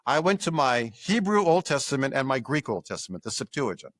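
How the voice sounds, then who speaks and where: An older man, a guest scholar in an interview, explaining with lively examples and acted-out quotes. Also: mid-range voice, a little fast, no echo. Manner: animated explainer acting out examples.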